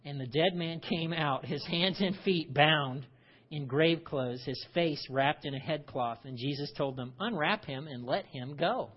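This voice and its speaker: A man preaching a conversational sermon, animated and full of rhetorical questions. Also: a little high, unhurried, husky, muffled recording. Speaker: pastor.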